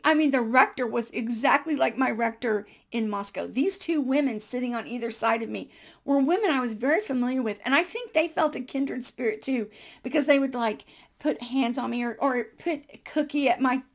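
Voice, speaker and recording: A woman in her sixties telling a personal faith story in a chatty, animated way, dropping into whispers at hushed moments. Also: sits high, creaky. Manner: chatty with frequent fillers and small laughs.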